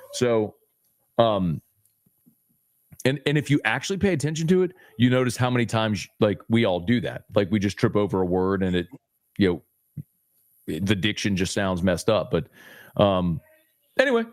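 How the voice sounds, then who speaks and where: A man, a sports radio host appearing as a podcast guest, talking emphatically and teasing in quick bursts. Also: fairly low pitch, animated, dry recording, studio quality. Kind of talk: animated podcast chat.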